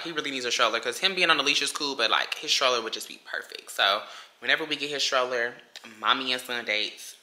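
A woman vlogging casually into her phone while walking around a shopping market, blunt and profane. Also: very deep voice. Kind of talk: casual vlog chat. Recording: loud background noise.

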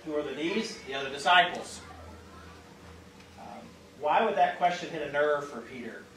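This Midwestern pastor's voice sits fairly high and sounds expressive and a bit bright, moving at a moderate pace. He teaches a Bible study in a church classroom, chatting with lots of fillers and posing questions to the class. A distant mic captures a roomy sound with a faint hiss.

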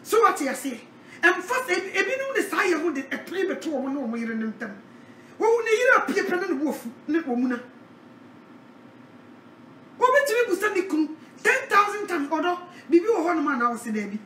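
High-voiced woman preaching. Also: brisk, distant mic, slight background noise. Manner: animated preaching with a repeated call-out refrain. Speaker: evangelist. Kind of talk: sermon. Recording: echoey, from off the mic.

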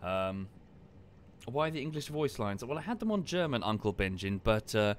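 Low-voiced man streaming a game. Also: normal speed, slight background noise. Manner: chatty, explains history at length in a relaxed, wry way. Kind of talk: casual live-stream commentary.

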